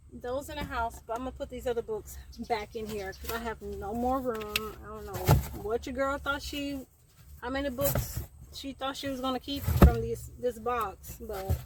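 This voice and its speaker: A woman's voice: fairly high pitch, very noisy. Chatty woman, a bit breathless. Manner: chatty, rambling with fillers and laughs. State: out of breath from heat. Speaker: book vlogger. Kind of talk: casual chat. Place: outdoors in the heat. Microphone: camera framing herself.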